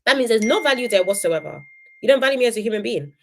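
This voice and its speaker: A woman's voice: quick pace, vocal fry, slight background noise. A young woman, reviewing a reality show on a casual live stream, opinionated and chatty, reading viewer comments aloud. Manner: animated, jumps between high excited greetings and low asides.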